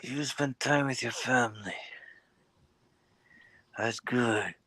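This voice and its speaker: A man's voice: mid-range voice, slow, sharp tone. A man doing an impression of a grave, mumbling old mafia godfather on a live stream. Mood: solemn.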